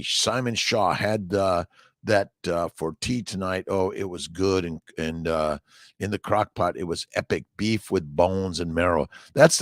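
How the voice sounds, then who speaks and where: A man's voice: low voice, no echo, clean studio sound. A middle-aged man from Southern California, a doctor chatting casually on a morning livestream, answering viewer comments in a rambling, upbeat, motivational way.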